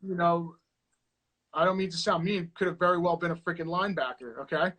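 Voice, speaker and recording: A man co-hosting a casual chat show, telling a dating story with animated, acted-out quotes. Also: fairly high pitch, brisk, rough recording. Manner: animated, acts out quoted voices. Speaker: co-host.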